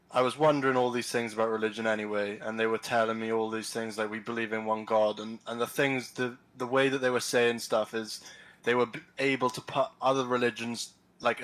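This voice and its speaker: A man telling his story over an online call, halting and full of fillers and restarts. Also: mid-range voice, fairly bright tone, poor audio. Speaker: caller, convert recounting his experience.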